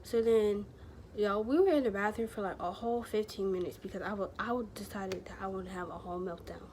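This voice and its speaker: Woman vlogger, mid pitch, chatty and rambling, slangy storytelling, faint background hiss. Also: a little fast, a little mellow. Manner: rambling, chatty, heavy use of filler words and slang. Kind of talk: casual storytelling to camera.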